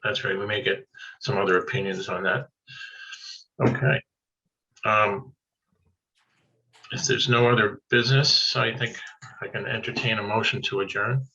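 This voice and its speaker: A man with a fairly low but bright, forceful voice chairs a remote public board meeting. He thinks aloud in halting, restarting phrases. The call audio sounds dull and lo-fi. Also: fairly even intonation. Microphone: video call.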